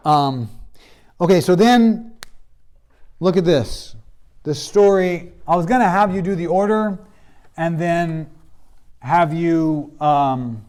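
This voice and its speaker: A man with a high yet mellow voice teaches a classroom lesson on biblical history. He talks casually and tells the story loosely, slipping into the characters' lines as he goes. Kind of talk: classroom lecture.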